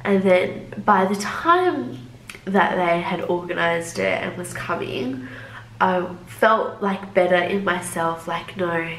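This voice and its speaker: A woman's voice: on the low side, animated, slow pace, fairly bright tone, a little hiss or hum. A young woman casually telling a personal story to camera in a loose, chatty way, full of "like" fillers. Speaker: vlogger. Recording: roomy echo.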